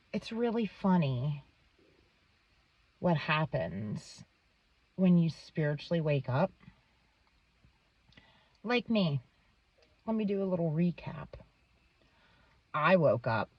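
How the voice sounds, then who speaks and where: A woman's voice: low voice, no room sound, muffled recording. A woman vlogging in a casual, rambling monologue, swearing often and filling with "um" and "like.". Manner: rambling, swears a lot, many "um"s and "like"s.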